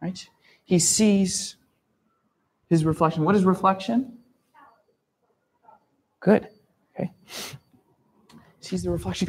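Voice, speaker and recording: A man teaching a story lesson to language learners, telling it in an animated way, gasping for effect and often checking that they understand. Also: high voice, slow, long pauses, breathy edge. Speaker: English teacher.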